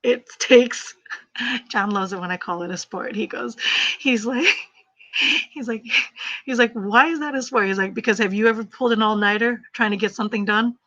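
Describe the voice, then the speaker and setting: A middle-aged woman talks her way through a live crochet stream, chatty and emphatic, often repeating herself. Her voice is bright and forceful. The livestream audio is a little dull and muffled. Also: medium pitch, moderate pace, pauses often. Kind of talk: casual livestream chat while crocheting.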